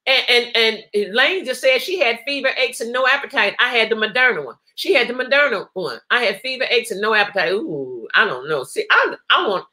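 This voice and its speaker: A woman's voice: medium pitch, pushed and bright. A woman hosting a live online talk show, chatting casually, reading viewer comments and laughing often.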